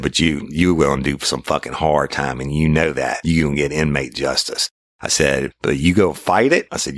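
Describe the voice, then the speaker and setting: A man's voice: very deep voice, a bit bright, no echo, studio quality. A middle-aged man, a podcast host and former detective telling a crime story in blunt, profane language and acting out his own lines.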